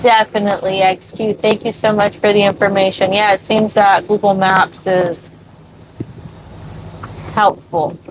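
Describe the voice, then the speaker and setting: A woman's voice: mid-range voice, little pitch movement, measured pace, a little hiss or hum, low-quality recording. A woman from the USA chatting with her live-stream viewers from a sailboat, cooing over her dog. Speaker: vlogger answering live chat. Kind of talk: casual live-stream chat.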